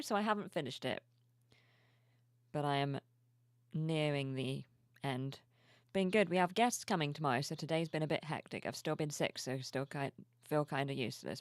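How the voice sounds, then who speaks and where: A sleepy woman streamer chatting softly and cheerfully with her viewers at home, reading their messages aloud. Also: low-pitched, no room sound, clean studio sound. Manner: soft-spoken, cheerful, reads chat aloud. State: sleepy, yawning. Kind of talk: casual live-stream chat. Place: home room with plushies.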